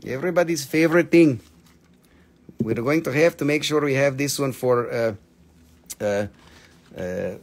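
A man's voice: medium pitch, moderate pace. Playful, jokey man hosting a rock sale. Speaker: host selling crystals on a live stream. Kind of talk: casual live sales stream.

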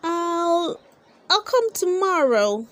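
A busy old village woman frets over chores, voiced by a woman reading a storybook. Her voice sits high and swings about as she fusses and questions, anxious and hurried in manner. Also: sing-song, a little mellow, no echo. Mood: flustered. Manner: fretful, flustered questioning.

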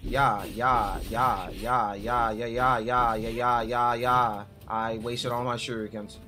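A man's voice: mid-range voice, little pitch movement, slow. Swearing man playing a video game. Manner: frustrated, swearing, talking to the game. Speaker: gaming streamer. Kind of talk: gameplay commentary. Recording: game music loud behind voice. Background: game music.

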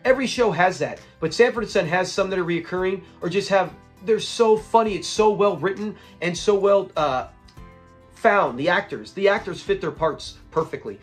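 High-voiced man, laughing episode review. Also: normal speed, soft background music. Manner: excitable, laughs often, quotes characters in retelling. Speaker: show reviewer. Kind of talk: casual episode breakdown.

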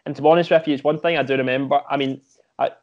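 A young man with a Scottish accent talks through his football days in a relaxed interview. His speech is halting, full of repeated words and fresh starts. The audio sounds slightly muffled, like a remote recording. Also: mid-range voice. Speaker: former footballer, podcast guest. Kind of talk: casual interview chat.

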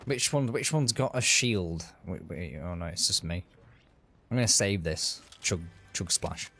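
A man's voice: deep voice, unhurried, creaky, bright, forceful tone, soft background music. A man giving casual, upbeat commentary while streaming a game. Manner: chatty, upbeat, self-narrating. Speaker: gaming streamer.

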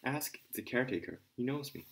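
A man's voice: mid-range voice, expressive, a little fast, vocal fry, fairly bright tone, a little hiss or hum, voice pushed up. A man reading the part of a brooding young former student who speaks lazily and pensively. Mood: flat. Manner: lazy, pensive delivery. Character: brooding young male ex-student, aloof and mocking.

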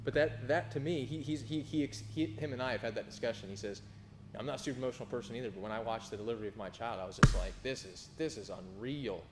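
A man in his thirties preaching a sermon, rising for scripture and dropping low and quick for personal stories. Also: over loud music. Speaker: pastor.

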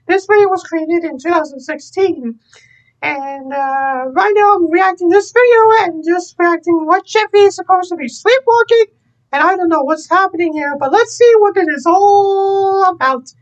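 A woman reacting to a video in a very high voice, excitable and quick to exclaim at the screen. The recording sounds dull and lo-fi.

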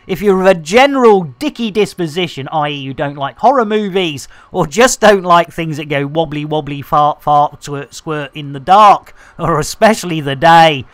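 A woman's voice: low-pitched, no echo. A woman streamer giving cheeky, bantering live commentary into a desk microphone.

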